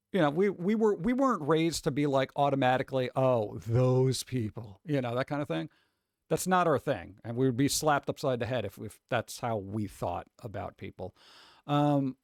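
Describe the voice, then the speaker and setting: A man's voice: fairly high pitch, no room sound, clean studio sound. A man who grew up on the East Coast, ranting casually on a livestream, reading posts aloud and cutting in with blunt, profane, sarcastic asides. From East Coast of the United States. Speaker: streamer reading chat and posts.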